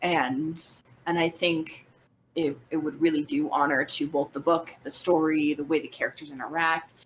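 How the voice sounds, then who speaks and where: A woman's voice: low-pitched, steady tone, normal speed, slight background noise, rough recording. A woman guest chatting casually over a call, eager but hesitant, often restarting her sentences.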